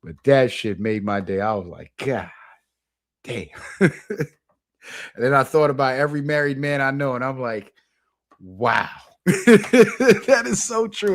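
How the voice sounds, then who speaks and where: A man's voice: on the high side, moderate pace. A man hosting his own channel at home alone, talking in a loose, profane, casual commentary style and laughing often. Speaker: channel host.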